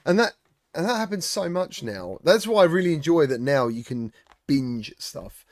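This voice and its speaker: A middle-aged man hosting a podcast, chatting casually and telling animated stories. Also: fairly high pitch, normal speed, no echo. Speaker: podcast host. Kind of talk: casual chat.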